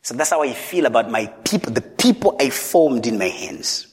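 A preacher putting on the voice of God as a patient, grave male figure who reasons slowly in a lowered voice. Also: sing-song, lightly acted. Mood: tender. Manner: slow, measured, lowered voice. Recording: long reverb in a large hall.

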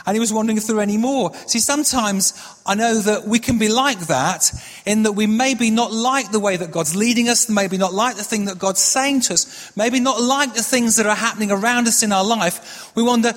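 A man with a notably high speaking voice delivers a sermon as pastor. He talks in an earnest, measured way and repeats key phrases for emphasis. His voice carries a long reverb, as in a church hall. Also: a bit bright. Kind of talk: sermon with prayer.

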